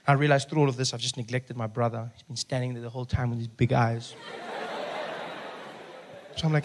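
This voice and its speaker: Fast-talking comedian. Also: male voice, mid-range voice. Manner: animated, acts out other voices, rising to shouts. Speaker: stand-up comedian. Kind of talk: stand-up storytelling.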